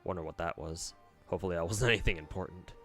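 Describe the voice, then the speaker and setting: A man's voice: sits low, fast talker, music in the background. A man streaming a game, chatting casually and reacting bluntly to viewer comments, with lots of swearing and filler words. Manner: blunt and profane, drawling with many fillers.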